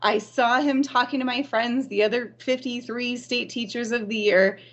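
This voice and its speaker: A woman from Arizona, a teacher, telling stories in a podcast interview, lively and often laughing. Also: a little high, normal speed. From Arizona, USA. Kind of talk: storytelling in an interview.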